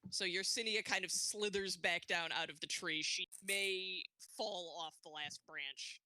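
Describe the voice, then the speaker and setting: A woman player in a tabletop game, narrating her character's moves. Her voice is bright and crisp, and the sound is dry and close to the mic. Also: fairly low pitch, steady tone, a little slow, no room sound. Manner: describes her character's actions in a light, bright voice. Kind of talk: playing a tabletop game on stream.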